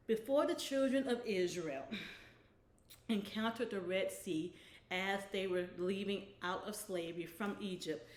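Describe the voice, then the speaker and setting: A woman's voice: medium pitch, a little mellow, reverberant. A woman hosting a weekly inspirational devotional, talking conversationally and often checking in with "right?". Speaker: devotional host.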